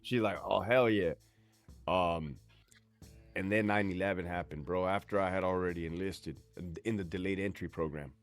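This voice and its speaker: A man's voice: low voice, normal speed, faint music behind. A man in his forties from California, telling his story as a guest in a casual, slangy, profane way. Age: 40s. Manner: laid-back, slangy, profane. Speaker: guest, army veteran.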